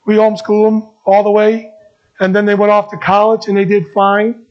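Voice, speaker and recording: A middle-aged man preaching a sermon as pastor, earnest and repetitive, moving between emphatic lines and soft ones. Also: sits high, little pitch movement, brisk, muffled recording.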